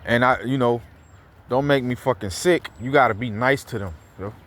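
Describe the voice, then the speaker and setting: A man's voice: medium pitch, moderate pace, fairly bright tone, slight background noise. A man giving casual, heated commentary while out walking, rambling with fillers and repeats, swearing freely. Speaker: scripture commentator. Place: outdoors, walking around a neighborhood.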